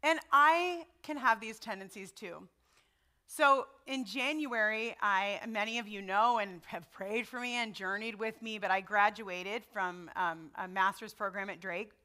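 Bright-voiced woman preaching conversationally. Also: medium pitch, measured pace. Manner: conversational and personal, checking in with the audience. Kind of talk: sermon.

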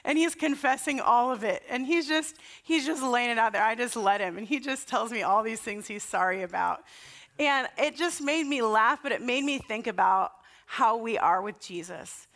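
A woman's voice: a little high, moderate pace. A woman in her thirties, a pastor giving a conversational sermon and telling stories from home with casual fillers. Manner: warm anecdotal storytelling with casual fillers.

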